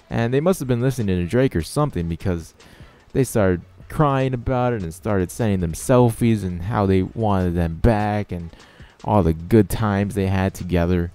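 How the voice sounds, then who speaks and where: A man's voice: fairly low pitch, mellow. Sarcastic young man ranting. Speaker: channel host. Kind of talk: storytelling over gameplay.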